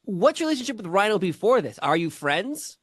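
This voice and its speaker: A man hosting an interview, asking brisk, summarizing questions. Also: high-pitched, sing-song, a bit bright, dry recording, clean studio sound. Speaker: interviewer, host.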